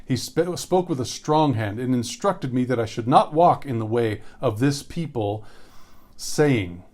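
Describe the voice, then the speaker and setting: A man of middle pitch teaches scripture verse by verse in a relaxed, conversational way. He reads the verses slowly and circles back over key phrases for emphasis. He speaks as a pastor guiding listeners through the text.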